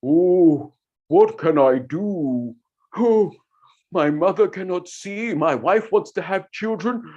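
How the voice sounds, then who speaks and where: A storyteller voicing an anxious husband from a folk tale, who frets in a drawn-out way. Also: mid-range voice, animated, mellow, highs cut off. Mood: fretful. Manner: fretful and drawn out.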